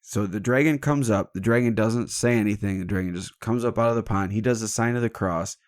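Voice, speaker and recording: Deep-voiced man telling stories irreverently. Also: brisk, no echo, studio quality. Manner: irreverent and jokey, swears freely. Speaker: podcast host. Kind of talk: casual storytelling chat.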